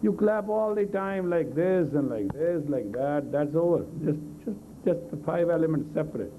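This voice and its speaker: A man's voice: on the high side, lively intonation, moderate pace, a little hiss or hum. A man leading a live group exercise class, giving blunt, coaxing commands in non-native English grammar. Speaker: meditation teacher. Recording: tinny lo-fi 1980s tape of a live talk.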